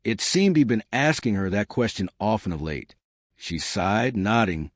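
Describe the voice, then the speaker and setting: A man narrating a horror story in a measured storytelling manner. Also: fairly low pitch, sing-song, no echo, studio quality.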